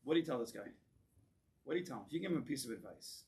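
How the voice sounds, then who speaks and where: A man, a rabbi, teaching a class in a synagogue, animated and drawing in his audience, often restarting words as he goes. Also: medium pitch, racing. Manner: animated, acts out voices in quoted lines, repeats words as he restarts. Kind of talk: lecture with audience discussion.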